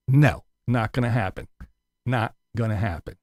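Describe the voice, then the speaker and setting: An expressive male YouTuber, his voice a bit mellow and his speed normal, vents angrily to viewers. He peppers the rant with curses and makes fun of his critics using high-pitched mocking voices.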